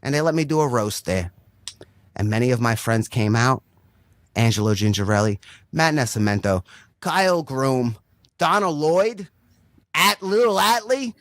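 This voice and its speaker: A man's voice: medium pitch, expressive, measured pace, long pauses, fairly bright tone, dry recording, studio quality. A young adult man doing a rambling stand-up set full of swearing, checking in with "right?" over and over. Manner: rambling, swears constantly, says "right?" often. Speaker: stand-up comedian.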